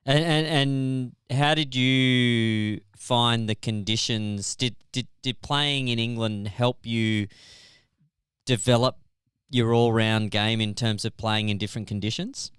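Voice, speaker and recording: A man's voice: medium pitch, fairly even intonation, slow, a bit bright, clean tone, dry recording, studio quality. A man hosting a podcast interview, asking questions with stammered repeats. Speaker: podcast host.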